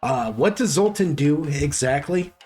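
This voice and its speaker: Animated rambling male game master. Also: fairly high pitch, measured pace, husky. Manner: rambling, full of "like" and "you know", animated. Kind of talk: narrating a tabletop game. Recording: faint background music.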